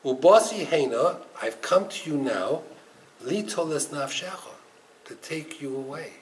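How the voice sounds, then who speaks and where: Man doing a low, quiet angel of death, calm and unmoving, faint hiss behind. Animated delivery. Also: moderate pace, low-quality recording. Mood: grave, hushed. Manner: hushed, grave and low. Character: solemn male angel of death, calm, unbending.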